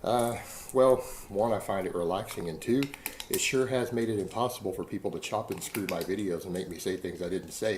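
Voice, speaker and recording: A man's voice: low voice, fairly quick, background noise. A middle-aged man from Texas in a casual, rambling monologue to camera, defiant and full of rhetorical questions. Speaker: online video creator.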